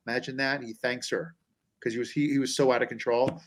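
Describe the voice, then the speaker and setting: A man's voice: mid-range voice, brisk, fairly bright tone. A man, a comedian guest, telling stories about himself in a rambling, self-deprecating, anxious way. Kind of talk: casual comic storytelling.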